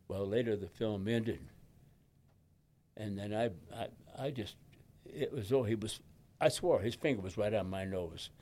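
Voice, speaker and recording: A man in his nineties from Detroit tells his life story as an interview guest in a halting, emotional and folksy way. His voice is somewhat low, and he often breaks off and restarts his sentences. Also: mellow. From Detroit, USA. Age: 90s. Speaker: guest, veteran and pastor.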